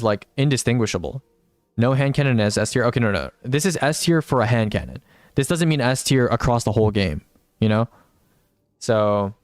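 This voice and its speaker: A young male streamer with a smooth, resonant voice, close and dry on the mic. He rambles and second-guesses himself in easy, laid-back gaming chatter, answering chat as he goes. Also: mid-range voice, no echo. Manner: rambling, thinks aloud, reads chat replies. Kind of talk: casual live-stream gaming commentary.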